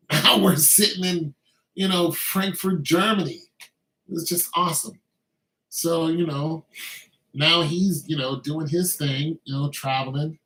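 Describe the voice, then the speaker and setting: Veteran guy vlogging, slightly high voice, easygoing rambling delivery, echoey room. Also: steady tone, measured pace, bright, forceful tone. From Braddock, Pennsylvania. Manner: loose, conversational, heavy on filler phrases. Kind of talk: casual commentary monologue.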